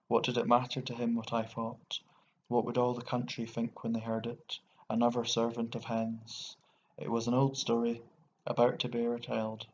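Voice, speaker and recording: A man with an Irish accent narrating a short story in a steady, even way. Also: medium pitch, normal speed. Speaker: audiobook narrator. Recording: dull lo-fi recording with faint hiss.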